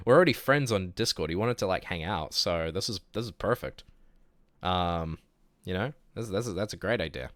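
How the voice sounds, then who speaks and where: Low-voiced young man with a New Zealand accent. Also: moderate pace, no room sound. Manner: relaxed and chatty, laughs easily, trails off and restarts. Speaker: streamer. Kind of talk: casual livestream chat, reading chat aloud.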